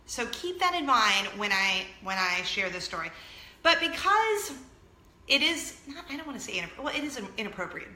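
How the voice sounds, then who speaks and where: A woman in her thirties hosts a casual chat show and tells stories with plenty of laughter. Her voice is bright and ringing, pitched a little high, and it swoops up and down as she talks. The room adds a noticeable echo. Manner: animated storytelling, often laughing. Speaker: vlog host.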